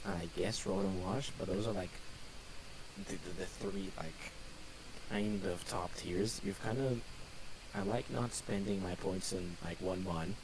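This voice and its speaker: A man's voice: sits low, steady tone, a little slow, background noise. A man co-hosting a casual chat, loose and rambling, leaning on "like" a lot. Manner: loose, filler-heavy with lots of "like". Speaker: co-host.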